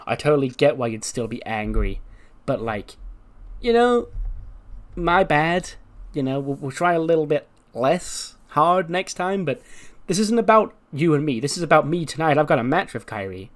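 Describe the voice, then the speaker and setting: A man's voice: a little high, big pitch swings, normal speed. A man voicing a ditzy, apologetic female wrestler who talks in a fidgety, filler-laden way. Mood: sheepish. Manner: fidgety, full of "like".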